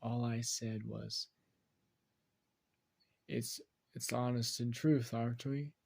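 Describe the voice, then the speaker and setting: A man's voice: medium pitch, fairly even intonation, slow pace, creaky, a little mellow, breathy edge, heavily acted. A man voicing an earnest young male ninja in a fan story. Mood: sincere.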